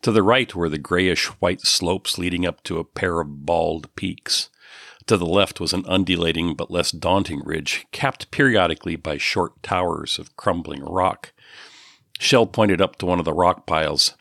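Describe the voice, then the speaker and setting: A man narrating an audiobook in a measured, descriptive way. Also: sits low, vocal fry, fairly bright tone, dry recording, studio quality. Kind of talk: scripted narration.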